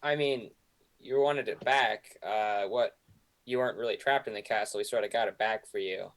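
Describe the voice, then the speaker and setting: A man playing a character in a tabletop role-play, with an insistent, deadpan and sometimes flustered manner. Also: on the low side, moderate pace. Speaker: player.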